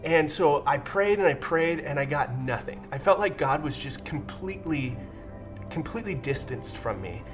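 A man's voice: fairly high pitch, animated. Earnest man sharing a heartfelt testimony. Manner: earnest, heartfelt, pauses and restarts. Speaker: church member sharing a testimony. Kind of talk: personal testimony. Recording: faint music behind.

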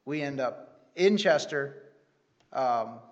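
A man's voice: medium pitch, lively intonation, takes it slowly, dull audio. A man giving an earnest, rambling church testimony with many restarts. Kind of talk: sermon testimony.

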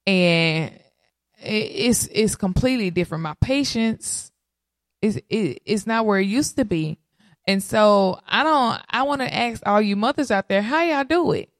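A woman, casually telling viewers her birth story in an animated way, often calling out to them. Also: mid-range voice, unhurried, dry recording, clean studio sound. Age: 30s. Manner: animated, addresses audience as y'all. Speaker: mother sharing birth story.

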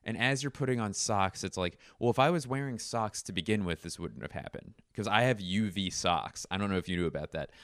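A man in his thirties rambles through a comedic podcast monologue at home, jumping between absurd tangents and deadpan asides. His lowish voice is smooth and resonant, a little fast with hardly any pauses. The recording is dry, close and roomless.

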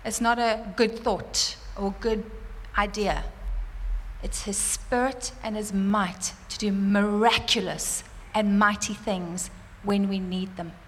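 A woman telling a church congregation a personal testimony, animated and fervent, laughing often. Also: mid-range voice, slow pace, a little hiss or hum. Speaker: church speaker sharing a testimony. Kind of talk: sermon testimony. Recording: roomy church hall reverb, faint ambience.

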